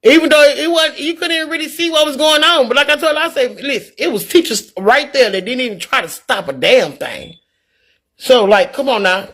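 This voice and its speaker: Reading out viewer comments on her live stream, this middle-aged woman has a high, fairly bright voice with lively intonation and a brisk delivery. Her tone is candid, earnest and preachy, and she repeats herself when she gets worked up.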